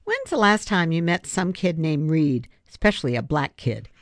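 A woman's voice: deep voice, very animated, normal speed, no echo. A grumpy, touchy boy who is sore about moving away, as a woman reading aloud puts him on. He sounds sulky and defensive. The sound is dry and close.

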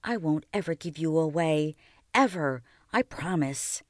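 A woman reading aloud and voicing a stubborn, loyal ten-year-old boy in a lifted, softer voice. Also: expressive, measured pace, no echo, studio quality. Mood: tender. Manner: higher and softer boyish voice.

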